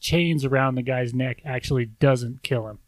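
Dude on a movie podcast going so anyways and then, middle voice, very dry mic. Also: male voice, medium pitch, normal speed, no echo. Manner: rambling plot recap with fillers. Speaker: podcast co-host. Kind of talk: casual movie chat.

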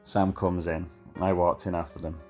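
A man's voice: deep voice, little pitch movement, moderate pace, darkish tone, soft background music. A man, telling a chatty, laddish story in a voice message, full of fillers. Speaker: caller sending a voice message.

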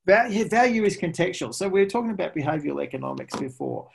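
A man being interviewed as a pricing expert, an animated storyteller who laughs often. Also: high voice, quick pace, gravelly, slight background noise. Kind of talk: conversational interview.

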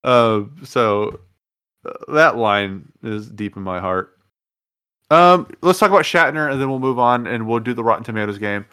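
A man's voice: mid-range voice, animated, normal speed, sharp tone, clear, resonant tone. A man hosting a casual movie-review podcast, easygoing and loose as he steers the group through the segments. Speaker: podcast host running the segments.

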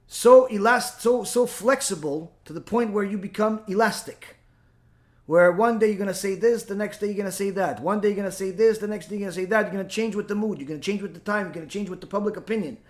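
A man giving a spoken religious lesson as a teacher, animated and full of rhetorical questions and mock back-and-forth dialogue. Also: high-pitched.

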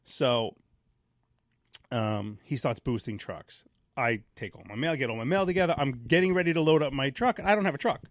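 A man's voice: mid-range voice, normal speed, dry recording, clean studio sound. A man, a mail carrier co-hosting a podcast, telling rambling stories in a casual chat. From New York. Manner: rambling, self-interrupting anecdotes.

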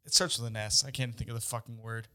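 Guy with a bright sharp voice, lots of um and like, losing his words mid-chat. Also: medium pitch, steady tone, smooth. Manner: halting, searches for words, profane. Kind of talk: casual chat.

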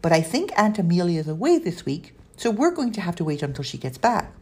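A woman reading aloud plays a clever, cautious girl who leads the others with measured, earnest speech. Her low, husky voice barely lifts for the part, and the pitch moves widely. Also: sing-song, darkish tone.

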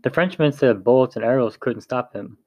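A man's voice: mid-range voice, normal speed, dry recording, muffled recording, close to an everyday voice. A man reading aloud voices an intent man who speaks pointedly.

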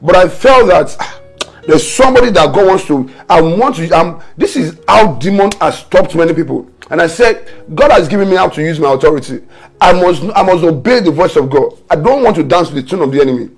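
Man, pastor, fervent online prayer sermon, gravelly, husky, soft music behind. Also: a little high, animated, fairly quick. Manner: fervent preaching with tongues and decrees, repeated phrases. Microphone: home camera setup for an online broadcast.

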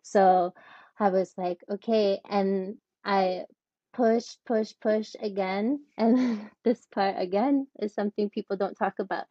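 A woman's voice: fairly even intonation, slow, warm tone, no room sound. A woman, a podcast guest, telling a personal story in an emotional, rambling way, full of "like" fillers. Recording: dull, dry low-fi audio.

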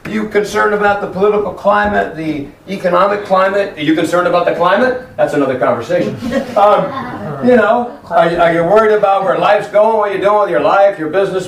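A man preaching a lively sermon in a church hall, acting out voices as he tells stories. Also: high voice, fairly quick. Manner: animated, acts out voices in stories. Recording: echoey hall, from far off, faint noise.

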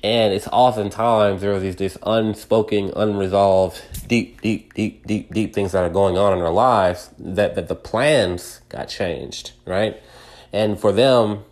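Low-voiced man telling a rambling story. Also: unhurried, darkish tone. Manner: rambling, many fillers and restarts, acts out quoted voices. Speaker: podcast host. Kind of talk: personal storytelling monologue.

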